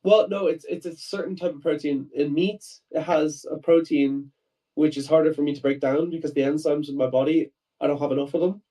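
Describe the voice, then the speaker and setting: A man on a video chat, answering in a hesitant way with a lot of pauses and ums. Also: fairly high pitch, fairly even intonation, dark tone, far from the mic, poor audio. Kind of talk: casual chat.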